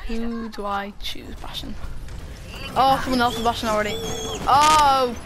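High-voiced excitable woman gaming. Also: a little slow, pauses often, background noise. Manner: excitable, giggly, yelps and shouts at the game. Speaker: gaming video host. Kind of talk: excited gameplay commentary.

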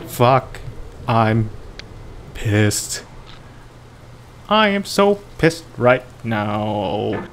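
A man's voice: fairly low pitch, big pitch swings, extremely slow, long pauses, slight background noise. A man who sings every line of his game commentary in a made-up tune, swearing and frustrated as he plays. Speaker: gaming video creator. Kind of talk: sung gameplay commentary.

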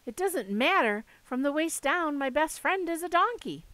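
A woman doing a blunt young boy in a fantasy audiobook, quick and incredulous. The mic is close and dry. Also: high voice, expressive, pushed and bright, dry recording, pitched above the performer's own voice. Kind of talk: audiobook character voice.

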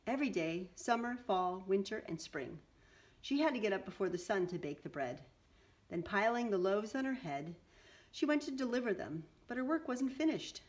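Lively woman reading a picture book aloud. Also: medium pitch. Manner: animated, with chatty asides.

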